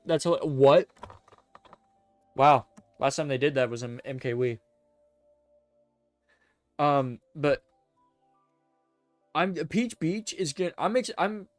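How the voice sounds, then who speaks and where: Casual live-stream commentary comes from a man with a higher-than-average voice who keeps tripping over his words and correcting himself. Excitable and chatty, he rambles on in a dry recording.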